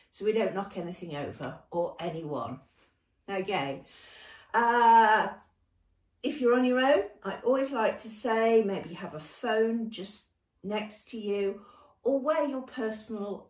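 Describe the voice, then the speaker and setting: A young woman with a British accent guides a gentle exercise session in a slow, unhurried way. She sounds encouraging and laughs readily. Her voice echoes around the room, caught by a mic some way off. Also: mid-range voice, recorded from a distance. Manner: warm, encouraging, laughs often. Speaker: dance and movement workshop leader.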